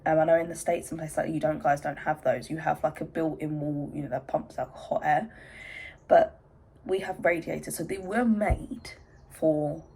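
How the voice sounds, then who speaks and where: A woman's voice: deep voice, steady tone, moderate pace, darkish tone, slightly rough, low-quality recording. A young English woman chatting in a rambling vlog from her bedroom, out of breath with hay fever. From England. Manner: chatty, rambling, self-interrupting. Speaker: vlogger. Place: bedroom at home.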